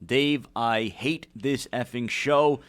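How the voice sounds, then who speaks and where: A man's voice: medium pitch, takes it slowly. A man co-hosting a talk show, reading out viewer questions in a plain, matter-of-fact way.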